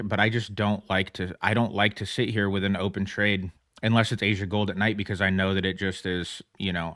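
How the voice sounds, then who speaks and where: A man's voice: lowish voice, fairly bright tone, no echo, clean studio sound. A man chatting casually on a trading livestream, rambling and self-mocking, laughing often as he talks. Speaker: livestream trader.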